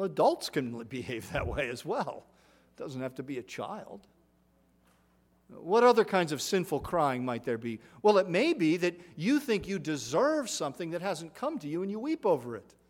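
Middle-aged male preacher, earnest sermon delivery, a touch higher-pitched, phrases trail off softly. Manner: earnest, measured preaching with falling, softened phrase endings; repeats words and restarts with uh.

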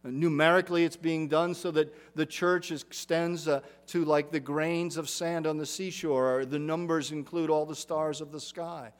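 A middle-aged man delivering a sermon from the pulpit. His voice sits a little high for a man, and he preaches earnestly, leaning on repeated phrases for emphasis. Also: steady tone, moderate pace, hardly any pauses. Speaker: pastor.

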